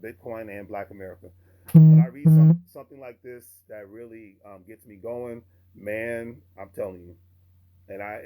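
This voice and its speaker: A man's voice: on the low side, mellow. A man hosting his own channel, giving a casual rant to camera that rambles and repeats itself, with fillers like "and whatnot". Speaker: channel host.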